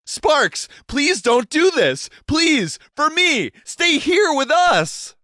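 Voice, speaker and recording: A man voicing a frightened young woman who pleads with him in a high, strained voice. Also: big pitch swings, extremely slow, sharp tone, no echo, clean studio sound, full character voice. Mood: pleading.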